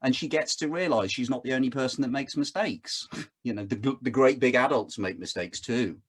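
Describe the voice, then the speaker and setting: A man in his fifties talking casually on a video call, telling lively stories and acting out the voices he quotes. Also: medium pitch, normal speed, breathy edge. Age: 50s. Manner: animated storytelling, acts out quoted voices. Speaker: guest speaker.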